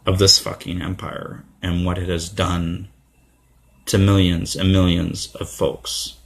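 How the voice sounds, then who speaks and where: Man with a low, gravelly voice, ranting to camera, angry and profane. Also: fairly bright tone. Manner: irate, profane, with fillers and repetitions. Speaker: video blogger. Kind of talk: impassioned political monologue.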